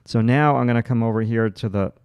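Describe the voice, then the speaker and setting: Gravelly Long Island art teacher. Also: male voice, mid-range voice, fast, no room sound, dull audio. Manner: thinks aloud while drawing, with frequent fillers and restarts. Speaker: art instructor. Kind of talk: livestream drawing demonstration.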